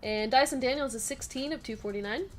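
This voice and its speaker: A woman's voice: high voice, fairly quick, faint music behind. A woman hosting a live trading card break, chatty and giggly, calling out the cards she pulls and reading comments from the chat. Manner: giggly, laughs often between card calls.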